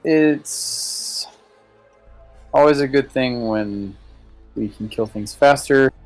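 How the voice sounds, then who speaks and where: Slow, unhurried man player with a dry sound, thinking out loud and hesitant. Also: mid-range voice, dry recording, faint music behind. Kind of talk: playing a tabletop game.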